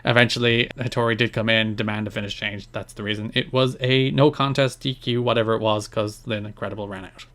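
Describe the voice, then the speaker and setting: A man's voice: on the low side, fairly even intonation, a little fast, few pauses, fairly bright tone. Chatty man podcast co-host. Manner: chatty, detailed, laughs often. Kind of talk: casual chat recounting wrestling history.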